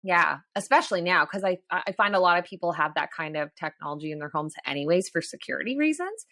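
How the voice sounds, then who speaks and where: A woman in her thirties, a podcast co-host, chatting casually with quick reactions. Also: on the low side, animated, sharp tone, dry recording, studio quality. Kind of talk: casual chat.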